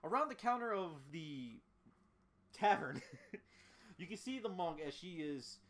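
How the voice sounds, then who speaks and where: A man acting as game master for a tabletop game, narrating loosely and casually. His voice sits somewhat high. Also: sing-song, measured pace, fairly bright tone, slight background noise. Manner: casual, loose, with fillers and restarts.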